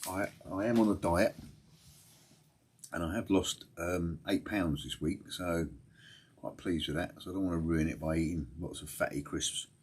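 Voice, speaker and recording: A man's voice: sits low, moderate pace, slight background noise. A tired man chatting casually to his livestream viewers from home late at night, rambling and laughing often. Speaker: fishing livestream host.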